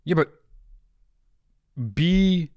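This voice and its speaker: A man's voice: sits high, fairly even intonation, drawn-out words, mellow, smooth, dry recording, lo-fi sound. Swearing emphatic man, dry sound. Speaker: podcast co-host giving advice. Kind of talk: casual comedic chat.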